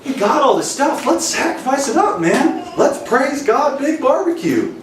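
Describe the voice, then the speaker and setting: A man's voice: very high voice, very animated, moderate pace, a crowd in the background, pitched above the performer's own voice. A man voicing a brash young king who makes breezy excuses, talking casually with slang and laughs. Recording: roomy hall, distant mic, faint ambience.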